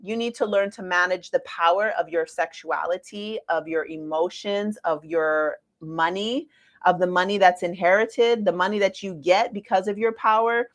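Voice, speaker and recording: A woman in her forties giving a casual astrology talk to viewers, chatty and lively with playful asides. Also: fairly low pitch, moderate pace. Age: 40s.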